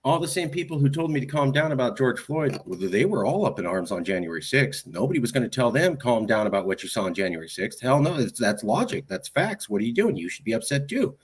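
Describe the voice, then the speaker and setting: A man hosting an interview podcast, telling stories in an animated, emphatic way and repeating his points. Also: medium pitch, fast, hardly any pauses, breathy edge. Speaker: podcast host. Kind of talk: casual conversational interview.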